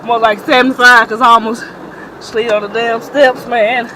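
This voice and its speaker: A young woman vlogging outdoors in a rainstorm on a handheld camera, excitable and laughing, with bursts of loud exclamations. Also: on the high side, moderate pace, low-quality recording. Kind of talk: casual handheld vlog. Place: outdoors in a rainstorm, later in a car. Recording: heavy rain noise behind.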